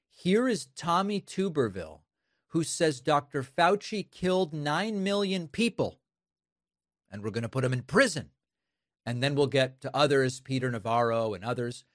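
A man hosts a commentary show in a sarcastic, scornful tone. His voice sits at a middle pitch. The recording is close and dry, with no room sound. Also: dry recording. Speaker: political commentary host. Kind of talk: opinionated commentary over clips.

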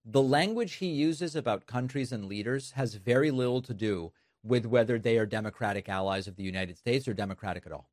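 A man's voice: mid-range voice, brisk, hardly any pauses, darkish tone, no echo, clean studio sound. Sarcastic male political commentator. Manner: sarcastic, mocking impressions. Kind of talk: commentary on news clips.

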